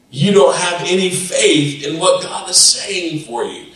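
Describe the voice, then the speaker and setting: A male pastor preaching a lively sermon and acting out the voices of the disciples, recorded in a church sanctuary. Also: sits high, measured pace, distant mic. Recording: echoey church hall, off-mic.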